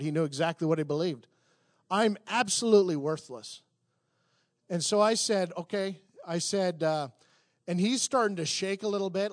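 High-voiced man preaching conversationally. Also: no echo, studio quality. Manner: conversational, halting with restarts, building to emphatic peaks. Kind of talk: sermon with personal story.

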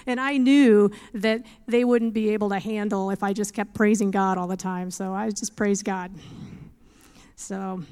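Earnest woman with a smooth voice. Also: medium pitch, measured pace. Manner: earnest, animated storytelling with scripture quotes; laughs often. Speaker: speaker giving a faith testimony. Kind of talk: testimony talk.

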